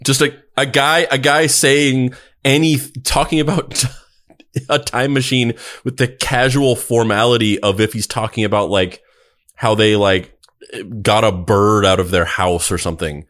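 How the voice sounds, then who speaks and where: A man's voice: medium pitch, fairly even intonation, a little slow, fairly bright tone. A man co-hosting a podcast, chatting casually and joking with frequent laughter. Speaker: podcast co-host. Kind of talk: casual chat.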